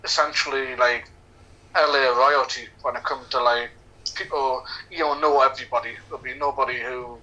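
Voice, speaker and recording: A man's voice: mid-range voice, fairly even intonation, moderate pace, pushed and bright, low-quality recording. A man co-hosting a casual film commentary podcast, laughing often, swearing freely and rambling. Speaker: podcast co-host.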